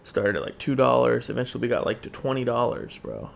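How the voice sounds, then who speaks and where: A man co-hosting a podcast, telling a story in an animated, profane, slangy way. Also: medium pitch, fast talker, creaky. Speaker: podcast co-host. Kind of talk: casual storytelling chat.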